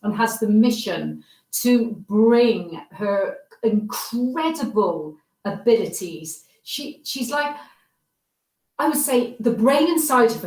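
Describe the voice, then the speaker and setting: A woman's voice: fairly high pitch, recorded from a distance. A woman host introduces a guest with effusive, affectionate praise. She sits back from the microphone, and her voice carries a roomy, echoing sound. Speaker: livestream host. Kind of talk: enthusiastic introduction. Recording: roomy sound, away from the mic.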